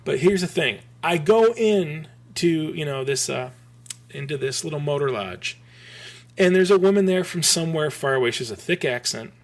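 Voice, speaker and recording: Podcast guest, man, 40s, casual storyteller who trips over his words, slightly higher pitch. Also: moderate pace. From Michigan. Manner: rambling, animated, many restarts.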